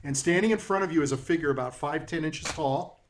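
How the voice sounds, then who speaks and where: A man narrating as game master of a tabletop role-play game, describing scenes in a relaxed way and chuckling often. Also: a little high, brisk.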